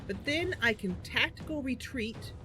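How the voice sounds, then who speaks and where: A woman's voice: sits high, lively intonation, a little slow, pushed and bright, faint music behind. A woman streaming a game, chatting and muttering her plans to herself as she plays. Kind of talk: thinking aloud while playing.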